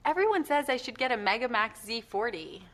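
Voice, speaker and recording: A chatty textbook shopper. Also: female voice, a little high, very animated, brisk, a bit bright. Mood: casual. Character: casual young woman shopping for a monitor. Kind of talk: scripted textbook dialogue.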